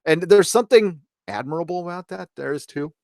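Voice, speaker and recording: A man hosting a casual live stream, reviewing an episode and reading out viewer comments in a rambling, relaxed way. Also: fairly high pitch, fairly quick, gravelly, no echo, studio quality. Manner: rambling and relaxed, many fillers and restarts.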